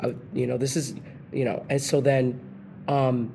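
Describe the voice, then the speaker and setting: A woman host from New York City, a lively storyteller who acts out the voices she quotes in a conversational interview. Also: rumbling low, unhurried, creaky, a little hiss or hum.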